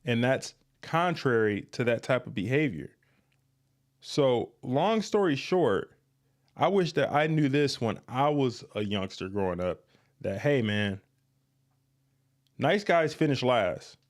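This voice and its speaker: This podcast host is a man no longer young, with a medium, expressive voice and an unhurried delivery. Talking straight to his audience, he hands out dating advice in an emphatic, blunt way, going over the same points again and again.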